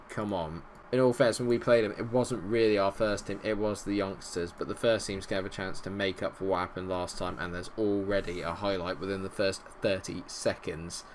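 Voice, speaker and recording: Excitable man commentating a game. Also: deep voice, slight background noise. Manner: animated, swings into loud shouts at goals. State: unwell, not feeling great. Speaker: gaming video host.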